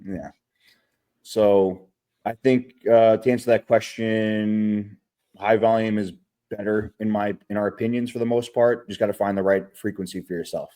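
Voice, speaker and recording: A man's voice: lowish voice, steady tone, moderate pace, warm tone. A man co-hosting a podcast in casual chat, rambling through gym stories with lots of fillers and casual swearing. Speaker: podcast co-host, bodybuilder.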